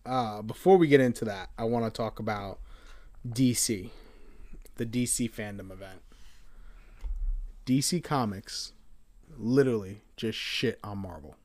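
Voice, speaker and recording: Brief: young male co-host, loose and profane, flares into animated rants. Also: lowish voice, measured pace, pauses often. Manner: animated, swearing, rants in bursts. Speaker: podcast co-host. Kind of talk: casual chat.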